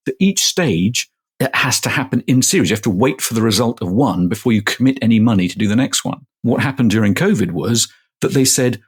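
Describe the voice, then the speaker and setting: A middle-aged manufacturing professor, appearing as a guest, answers interview questions casually in a lowish, slightly rough voice with lively intonation and a quick pace. He explains things step by step using everyday examples.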